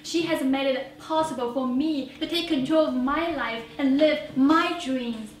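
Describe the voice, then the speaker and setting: A woman from China performing a one-woman theater monologue, earnest and reflective with pauses. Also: sits high. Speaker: solo stage performer. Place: small theater stage before an audience. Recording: roomy theater, distant mic, faint hiss.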